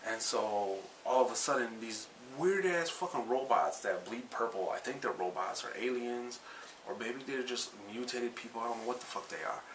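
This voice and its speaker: A man's voice: mid-range voice, normal speed, fairly bright tone. A man recapping anime episodes in a casual, rambling way, swearing freely and correcting himself as he goes. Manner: rambling and profane, with many fillers and self-corrections. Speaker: anime reviewer. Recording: slightly distant mic with faint background noise.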